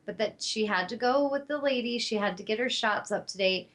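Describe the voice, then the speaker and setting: A woman's voice: fairly high pitch, brisk, fairly bright tone. A woman hosting her own show, telling a personal story in a heartfelt, spiritual way, rambling a little with fillers. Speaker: talk show host.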